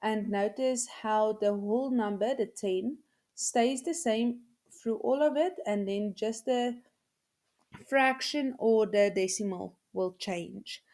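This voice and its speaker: A woman, a teacher explaining step by step in a recorded video lesson, patiently repeating numbers slowly for her students. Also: mid-range voice, a little mellow.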